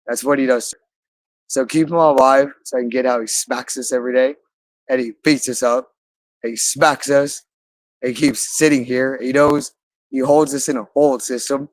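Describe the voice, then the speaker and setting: A man speaking in a rambling, halting monologue, repeating phrases again and again. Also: medium pitch, no echo, poor audio. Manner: halting, with frequent restarts.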